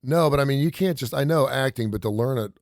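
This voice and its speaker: A man's voice: mid-range voice, a little mellow, dry recording, studio quality. A man co-hosting a radio show in casual chat, rambling and joking. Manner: quick, rambling, jokey. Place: radio studio.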